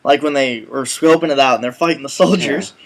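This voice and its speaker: A man co-hosting a casual web show, telling stories in an animated way and swearing now and then. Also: medium pitch, brisk, crowd noise. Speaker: co-host. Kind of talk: casual chat.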